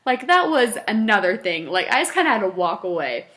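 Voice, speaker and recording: A woman vlogger telling stories from her fast food job in a casual, animated way, laughing often and acting out her customers. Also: medium pitch. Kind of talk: casual storytelling to camera.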